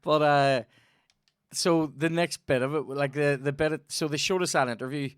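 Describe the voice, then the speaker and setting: A man's voice: on the high side, normal speed, smooth, dry recording, studio quality. A young Northern Irish man hosting a podcast, telling stories in casual chat and swearing freely. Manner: swears a lot, tells animated stories. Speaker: podcast host.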